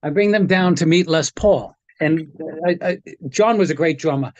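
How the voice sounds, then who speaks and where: A man tells his stories with relish, jumping into the voices of the people in them. His voice sits high for a man, and the recording is dry and close. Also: moderate pace, no room sound, highs cut off. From New York area. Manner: animated anecdote teller, acts out quotes. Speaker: guest, guitar tech. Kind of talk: casual storytelling interview.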